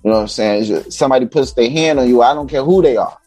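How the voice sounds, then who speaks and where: A man's voice: medium pitch, very fast, no room sound, soft background music. A man from Chicago, a podcast guest, telling stories in casual chat and acting out the people in them. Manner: animated, acts out voices of people in his stories.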